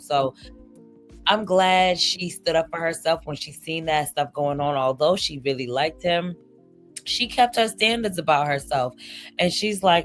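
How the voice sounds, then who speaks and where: A woman's voice: fairly low pitch, expressive, unhurried, faint music behind. A woman giving casual, reflective commentary in a conversational way.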